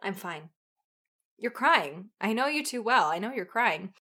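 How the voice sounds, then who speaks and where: A woman's voice: mid-range voice, very animated, a little slow, sharp tone. A woman co-hosting a comedy podcast, reading fan fiction aloud with dramatic flair and frequent giggles. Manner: giggly, breaks into laughter and off-key singing.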